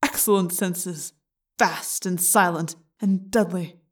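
A woman's voice: fairly low pitch, steady tone, slow pace, slightly rough. A woman reading a cold alien parasite. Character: cold cruel male alien parasite controlling a boy. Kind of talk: audiobook character voice.

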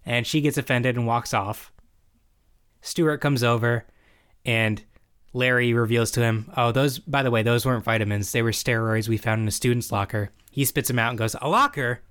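A man's voice: mid-range voice, steady tone, normal speed, a bit bright, clear, resonant tone. Male co-host, casual, acts out quoted lines while recapping. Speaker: podcast co-host recapping a show. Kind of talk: casual chat.

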